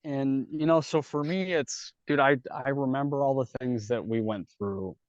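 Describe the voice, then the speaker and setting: On dull, dry podcast audio with no room sound, a man of medium pitch speaks at a normal speed. He's a guest telling his story candidly and casually, swearing a lot and acting out all sides of the dialogue.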